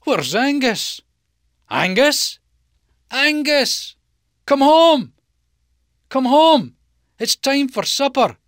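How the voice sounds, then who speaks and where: A storyteller voicing a good-humoured farmer who calls out loudly and stammers in surprise. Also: mid-range voice, big pitch swings, measured pace, no room sound, studio quality, pitched above the performer's own voice, heavily acted. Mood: calling, astonished. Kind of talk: storybook reading.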